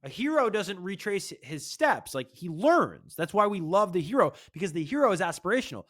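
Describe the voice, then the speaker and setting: A man's voice: high voice, very animated, fairly quick, a bit bright. A man hosting a music breakdown video, talking casually and reading lyrics aloud between comments. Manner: chatty, full of "like" and "bro", reads lyrics aloud. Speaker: music reaction video host.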